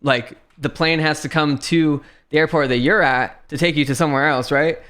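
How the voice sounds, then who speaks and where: A man's voice: fairly high pitch, normal speed. A young man telling a frustrating story on a livestream, swearing often and laughing as he goes. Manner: swearing, animated retelling with laughs. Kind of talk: casual storytelling chat.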